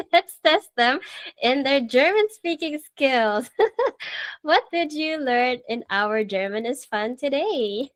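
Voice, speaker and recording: A woman hosting a live radio talk show, cheerful and laughing often. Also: high voice.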